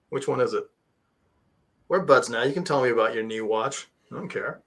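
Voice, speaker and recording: A man's voice: mid-range voice, a little fast, a bit bright. A man hosting an online talk show, English not his first language, rambling and joking at his own expense. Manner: joking, rambling, self-deprecating. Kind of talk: casual interview chat. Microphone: video call.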